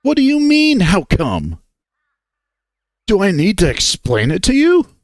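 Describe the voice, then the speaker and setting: A man's voice: on the high side, sing-song, measured pace, no echo, clean studio sound, pitched above the performer's own voice. A man voicing a hot-tempered, lovesick young furry man who swears and pushes. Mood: angry. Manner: pushy, swearing, voice breaking.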